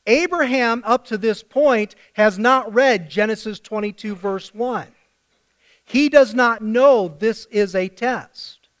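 A man's voice: sits high, slow pace, fairly bright tone. A middle-aged male pastor preaching a sermon, telling the story and putting questions to the congregation.

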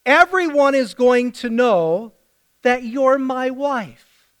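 A preacher playing a sweet-talking patriarch husband. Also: male voice, very high-pitched, slow, clean tone, heavily acted. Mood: coaxing. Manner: coaxing, flattering. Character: scheming male patriarch sweet-talking his wife.

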